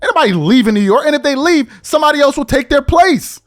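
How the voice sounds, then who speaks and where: A man's voice: extremely high pitch, lively intonation, quick pace, few pauses, soft background music. A man hosting a podcast, delivering an exasperated opinion rant full of repeated rhetorical questions. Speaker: podcast host.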